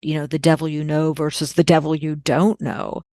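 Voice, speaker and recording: Low-voiced woman with a gravelly edge. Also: flat delivery, moderate pace, a little mellow, dry recording. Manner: earnest, emphatic, repeats key words for stress. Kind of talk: podcast conversation.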